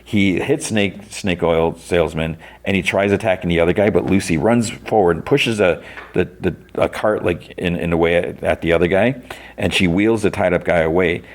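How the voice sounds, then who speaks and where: Brief: a low-voiced male podcast host recapping loosely, with lots of fillers. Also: moderate pace. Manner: rambling, with many "like"s and restarts. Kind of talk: casual plot recap.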